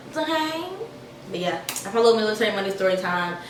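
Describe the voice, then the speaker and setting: A young woman vlogger telling a casual storytime to her viewers in a sassy, animated way. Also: medium pitch, fast talker, echoey room, distant mic, noisy background.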